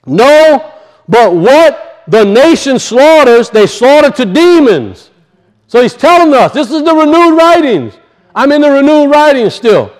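High-voiced male pastor preaching. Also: sing-song, a little slow. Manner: conversational preaching, acts out voices, drops low for asides. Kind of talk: sermon.

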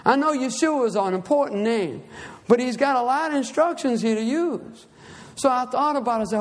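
A man with a notably high voice preaches, moving from a Bible reading into a lively personal testimony. He acts out his own cries as he tells the story. The sound trails off in a long reverb. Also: fast talker.

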